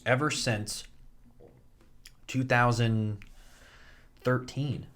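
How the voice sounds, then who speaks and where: A man's voice: medium pitch, steady tone, very slow, a bit bright, slight background noise. A man in his thirties chatting casually as a podcast co-host, rambling with many fillers and restarts. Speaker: podcast co-host, soap actor. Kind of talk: casual chat.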